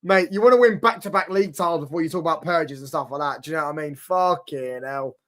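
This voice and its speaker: Brash young man, bright voice. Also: a little high, fast talker. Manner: brash, sweary, rambling, mocking. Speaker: football watchalong streamer. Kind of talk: casual reaction commentary.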